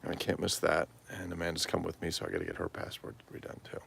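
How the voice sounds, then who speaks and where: A man's voice: low voice, level tone, quick pace, vocal fry, fairly bright tone, a little hiss or hum. A tired man chatting casually and rambling on a livestream, swearing freely. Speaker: toy collector livestream host.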